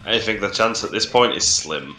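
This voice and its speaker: A man's voice: fairly low pitch, expressive, normal speed, sharp tone, roomy sound, faint music behind. A man with a Yorkshire accent commentating a game in casual, dryly sarcastic banter.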